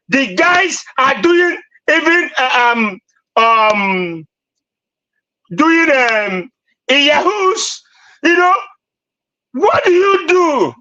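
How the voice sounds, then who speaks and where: A man's voice: very high voice, sharp tone, lo-fi sound. A man with a Nigerian accent debating on a live stream, ranting insistently and repeating himself. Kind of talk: heated debate.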